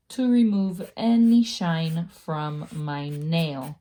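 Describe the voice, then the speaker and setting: A woman talking through a casual nail-care tutorial, chatty and quick to laugh at herself. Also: sits low, dark tone. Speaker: beauty vlogger.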